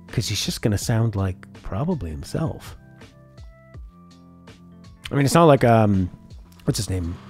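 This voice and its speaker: A man with a low voice who swings his pitch around a lot as he chats through a live-stream reaction. He reads viewer comments out and answers them in a loose, talkative way, with faint music behind him. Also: darkish tone. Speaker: streamer reacting to a game showcase.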